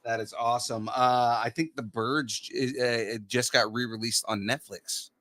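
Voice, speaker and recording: A man's voice: mid-range voice, steady tone, normal speed, pushed and bright. A man hosting a podcast interview, talking casually and hesitantly, often restarting his sentences. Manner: hesitant, many fillers and restarts. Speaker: podcast host.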